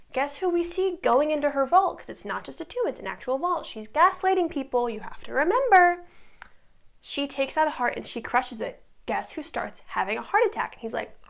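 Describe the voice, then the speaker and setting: Twenties girl rambling thru a show recap, um like, kinda fry-heavy voice. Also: sits high. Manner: rambling, lots of likes and ums. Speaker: recap vlogger. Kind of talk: casual chatty recap.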